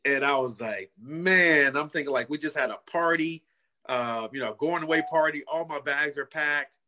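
A man's voice: on the high side, normal speed, pushed and bright, a little hiss or hum. A middle-aged man from California, a former pro football player, telling his story as a guest in a casual interview, earnest and full of "you know" and "man.".

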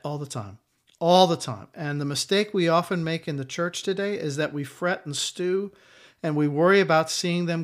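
A male pastor delivering a sermon, his voice sitting a little high for a man. He speaks emphatically and circles back to repeat his key lines for effect.

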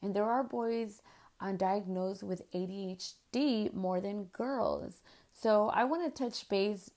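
A woman's voice: mid-range voice, takes it slowly, a little mellow. Woman, 30s, podcast host, casual frank monologue, mid-range voice. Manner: frank, rambling, conversational with fillers.

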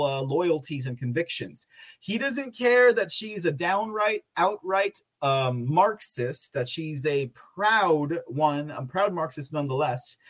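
A man's voice: high-pitched, a bit bright. A man hosting a political commentary podcast, sarcastic and often laughing. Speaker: podcast host.

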